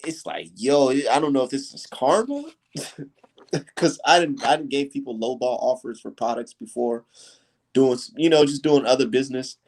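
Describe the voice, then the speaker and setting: A young man rants on his livestream in a loose, heated way. He swears freely and hammers his points with repetition. His voice sits at an ordinary pitch for a man. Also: normal speed, a little mellow. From United States. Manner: heated, profane, repetitive emphasis. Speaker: streamer host. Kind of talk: casual livestream rant.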